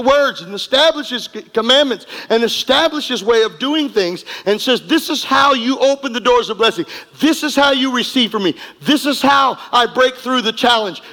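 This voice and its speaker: A pastor with a very high-pitched, bright voice preaches forcefully in a church sanctuary, the sound trailing in long hall reverb. He hammers points through repetition and leads the congregation in call-and-response.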